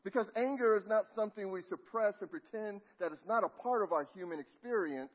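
A middle-aged man preaching a sermon, telling a family story and dropping to a near hush at tender moments. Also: high voice, fairly quick. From Los Angeles. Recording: muffled lo-fi sound.

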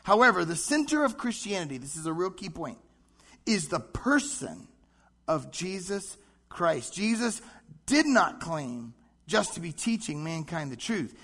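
A man preaching a sermon, animated, acting out short voices as he goes. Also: high voice, breathy edge. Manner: animated, acts out voices in quick asides. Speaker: pastor.

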